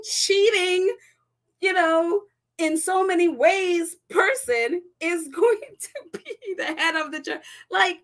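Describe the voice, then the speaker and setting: Indignant woman host with a high voice, chatting casually on a live stream. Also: fairly bright tone. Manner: indignant, exclaiming, laughs often. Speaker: podcast host reading viewer comments.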